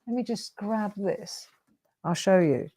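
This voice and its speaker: A woman's voice: mid-range voice, slow, warm tone, slightly rough. A middle-aged woman hosting a live craft demonstration, talking viewers through her coloring in a chatty, coaxing way. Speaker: craft show host.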